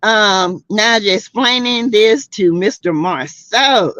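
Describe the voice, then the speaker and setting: A woman's voice: mid-range voice, slow, fairly bright tone, no room sound, dull audio. A woman from South Carolina hosting a livestream, giving sassy, outspoken, slangy commentary on a reality show to her live chat and laughing often. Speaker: livestream host.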